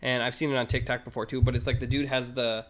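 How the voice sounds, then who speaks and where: A man who talks fast, rattling through his stories in a casual podcast chat. His pitch sits in an ordinary middle range, and he acts out what other people say as he goes. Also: level tone, a bit bright. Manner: rambling storyteller who acts out his family's lines. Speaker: podcast co-host.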